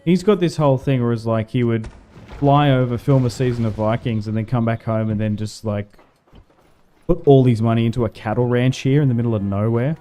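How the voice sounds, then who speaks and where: A man's voice: mid-range voice, steady tone, fairly quick, mellow. A young Australian man chatting casually and rambling while streaming a game. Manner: rambling, laid-back, slangy. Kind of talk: casual livestream chat over gameplay.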